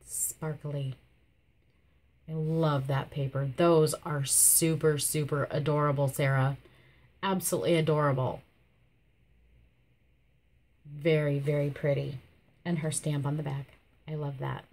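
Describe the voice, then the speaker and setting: A woman with a lowish, slightly hoarse voice chats casually to the camera as a vlog host. She gushes over every detail and repeats her thanks again and again, her throat catching now and then from a coming cold. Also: little pitch movement, a little slow, pauses often, darkish tone. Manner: gushing, repeats thanks and praise. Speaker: channel host showing a viewer's craft entry.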